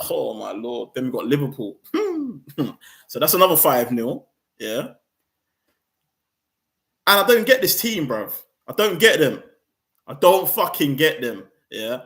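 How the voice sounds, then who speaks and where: A man's voice: mid-range voice, a bit bright. A young man, ranting angrily about his football team on his fan channel, firing off heated rhetorical questions and slang.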